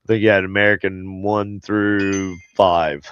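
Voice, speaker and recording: A man's voice: low-pitched, little pitch movement, measured pace, fairly bright tone, smooth, lo-fi sound. A man hosting a paranormal podcast, chatting casually and rambling with many fillers and restarts. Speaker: podcast host. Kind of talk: casual chat.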